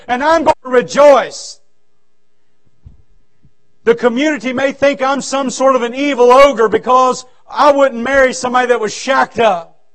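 Male revival preacher, very high voice, fervent, shouts then drops low. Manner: fervent preaching that swings from loud shouts to low, quiet stretches. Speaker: pastor. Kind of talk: revival sermon. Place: church.

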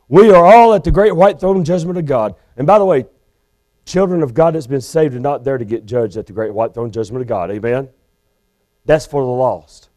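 A man's voice: sits high, a little mellow. A male Baptist preacher delivering a sermon in a church, urgent and pleading with his listeners. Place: church sanctuary.

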